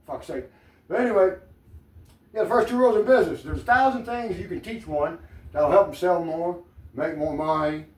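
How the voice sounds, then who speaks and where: A man's voice: fairly high pitch, normal speed, darkish tone. Rambling, swearing Southern American man. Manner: rambling, profane, digressive. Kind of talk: rambling monologue. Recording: echoey room, mic at a distance.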